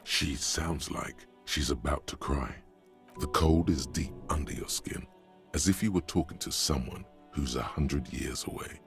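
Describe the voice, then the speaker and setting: An actor voicing a brooding, ominous narrator in a video game, speaking in a slow, solemn, descriptive way with a deep, gravelly voice. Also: male voice, a bit bright, heavily acted. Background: faint game music.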